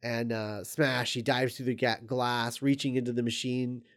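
A man recounts a screenplay in a loose, casual way. He stumbles through ums and restarts at a middling pitch. He sounds amused by the material as he goes. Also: little pitch movement, normal speed, a bit bright. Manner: rambling, hesitant, full of ums and restarts; amused, chuckles while recounting.

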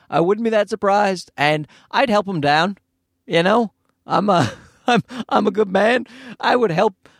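A man hosting a podcast, telling a story casually, profane and animated, often laughing. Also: high-pitched, dry recording, clean studio sound.

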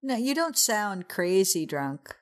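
An American woman co-hosting a podcast, chatting casually while tipsy after wine, laughing loudly and swearing playfully. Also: mid-range voice, sing-song, slow. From United States. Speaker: podcast co-host.

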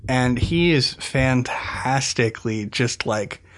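A man's voice: medium pitch, takes it slowly, fairly bright tone. A man hosting a podcast in casual chat, eagerly sharing trivia and often restarting his sentences. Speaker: podcast host.

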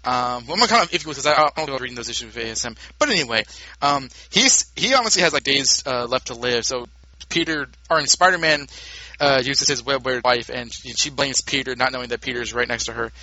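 Very bright-voiced man recapping fast. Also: mid-range voice, no room sound, lo-fi sound. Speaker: podcast co-host. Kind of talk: casual comic book review chat.

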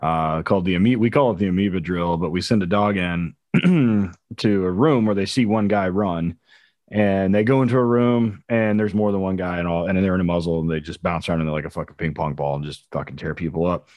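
A man training police dogs, telling stories in a profane, animated way during casual podcast chat. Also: low-pitched, brisk, no echo.

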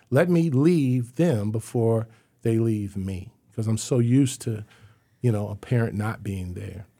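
A husky middle-aged man speaks as an interview guest, his voice mellow and soft-edged. He tells his story earnestly and keeps filling gaps with "you know.". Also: medium pitch. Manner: acts out remembered voices.

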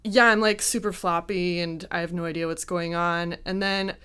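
A young woman with a smooth, clear voice and a slightly low pitch tells a personal story in a chatty, casual way. She laughs easily at her own mishaps and acts out what people said. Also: fairly even intonation, moderate pace, sharp tone. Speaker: guest telling a personal story.

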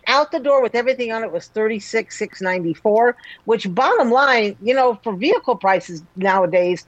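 A woman's voice: mid-range voice, dry recording, dull audio. A woman co-hosting a car talk radio show, reviewing a vehicle in a matter-of-fact way. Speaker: automotive journalist, co-host.

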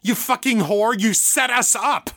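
A man voicing a violent, raging male killer in an audiobook, snarling and shouting. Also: high voice, expressive, a little fast, dry recording, studio quality, voice pushed up. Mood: furious.

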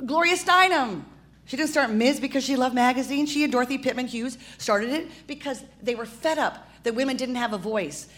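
A woman's voice: high voice, bright, forceful tone. A woman performer in a comedic rant, impassioned and stammering through restarts.

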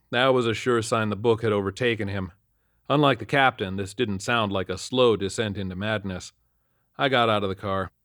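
Casting: earnest male narrator, low voice, dry close-miked audiobook. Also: moderate pace, fairly bright tone, no room sound. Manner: earnest, matter-of-fact. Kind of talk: first-person horror story narration.

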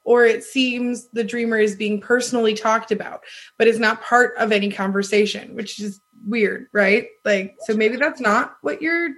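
A woman's voice: a little high, moderate pace, fairly bright tone. A woman in a casual chat, reacting to a friend's story with wry, teasing comments.

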